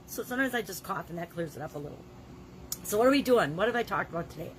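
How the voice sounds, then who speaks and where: A woman's voice: on the low side, animated, quick pace. A woman in her sixties with a cold and a scratchy throat, talking in a daily video journal in an emphatic, plain-spoken way, coughing now and then. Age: 60s. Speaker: vlogger.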